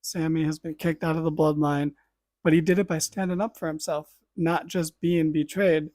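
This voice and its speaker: A man with a somewhat higher voice retells events in an animated play-by-play, full of casual asides and the occasional swear. The sound is dry and close, with no room around him. He talks like a podcast host chatting with friends. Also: normal speed, no room sound. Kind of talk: casual wrestling recap.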